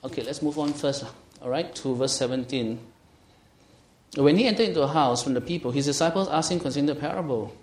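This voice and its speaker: A man's voice: fairly high pitch, fairly quick. A man teaching a Bible study, reading scripture aloud and questioning his listeners, growing emphatic as he explains. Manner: asks the group questions, reads scripture aloud; grows animated and emphatic, stretching key words. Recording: echoey room.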